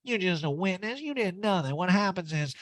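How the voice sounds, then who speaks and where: A man's voice: high voice, animated, no room sound, voice pushed up. A man doing a drawling, airy impression of a spacey, dramatic woman reality star. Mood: rambling. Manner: drawling, slow, airy mock delivery.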